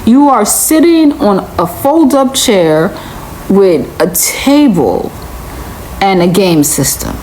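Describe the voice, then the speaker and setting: A woman's voice: medium pitch, very animated, slow, darkish tone, slight background noise, rough recording. A woman giving a reaction commentary, incredulous and lecturing, driving her points home by repeating them.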